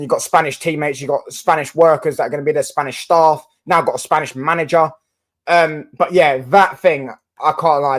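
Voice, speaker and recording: Young man, Mancunian accent, slightly high pitch, casual football reaction, rambling, swears. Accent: Mancunian English. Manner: rambling, swears, restarts often. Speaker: football channel host. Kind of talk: casual solo reaction commentary.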